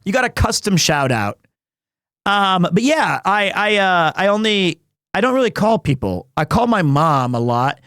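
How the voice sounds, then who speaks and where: On a live stream, a man in his thirties chats casually in a high, very animated voice with a fairly bright tone at moderate pace. He rambles, keeps restarting sentences and chuckles often while joking and teasing, captured in a dry, studio-quality recording.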